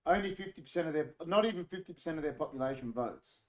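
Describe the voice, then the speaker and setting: Teasing Australian guy, slightly high voice. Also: lively intonation, quick pace, darkish tone. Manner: teasing, jokey. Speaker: podcast co-host. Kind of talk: casual chat.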